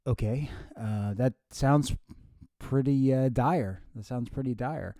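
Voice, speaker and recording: A man's voice: medium pitch, slow pace, dark tone, dry recording, studio quality. A man hosting a comedy show, asking bewildered, exclamatory questions in a sketch where he talks to himself. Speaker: host.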